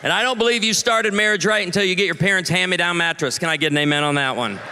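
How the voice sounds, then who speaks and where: A man's voice: high-pitched, fast talker, background noise. A man in his forties, a pastor doing stand-up comedy for a live audience, punchy and playful, calling for the crowd to answer. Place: large live venue. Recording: long reverb of a large venue.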